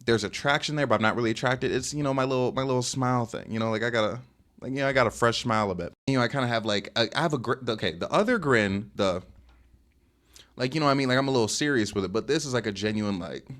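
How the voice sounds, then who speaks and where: Fast-talking, rambling young man. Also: mid-range voice, fairly bright tone. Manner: fast, rambling, slangy and boastful. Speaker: streamer telling a dating story. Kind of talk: casual storytime rant. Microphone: webcam setup at home.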